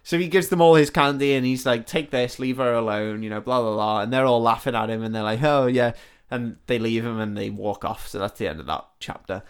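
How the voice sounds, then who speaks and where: A man co-hosts a comedy podcast, retelling a film's plot in casual, sweary chat. His voice is smooth and clear, sitting at a middling pitch. He drops into quick put-on voices for the characters as he goes. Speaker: podcast co-host. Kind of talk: casual comedic film recap.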